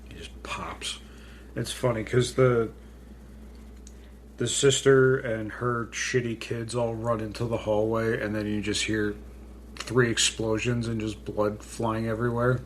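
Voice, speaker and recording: A man's voice: lowish voice, level tone, measured pace, slight background noise. A man co-hosting a podcast, casually recapping a horror comedy film in a blunt, laid-back way with plenty of swearing. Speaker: podcast co-host.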